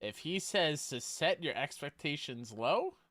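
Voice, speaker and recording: A man co-hosting a gaming podcast, excited and quick to laugh. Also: on the high side, no room sound, studio quality. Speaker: podcast co-host. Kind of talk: casual livestream chat.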